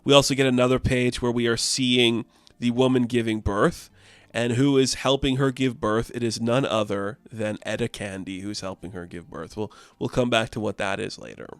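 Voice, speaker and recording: A man giving a casual comic book recap in a rambling way, full of "like" and quick asides. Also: medium pitch, steady tone, smooth, no echo. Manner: rambling, filled with "like".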